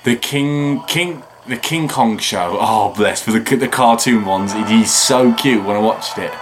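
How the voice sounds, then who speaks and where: A tired man hosting a video reaction, rambling and chatting with frequent excited remarks and laughs. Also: lowish voice, a little slow, a little hiss or hum. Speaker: reaction channel host. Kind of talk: casual video reaction commentary.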